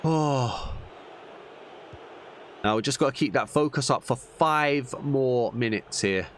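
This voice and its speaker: A young man commentating on a football video game, veering between excited shouts at goals and muttered frustrated grumbling. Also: mid-range voice, slow, slight background noise. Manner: animated, bursts into shouts at goals. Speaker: gaming YouTuber. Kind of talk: gameplay commentary.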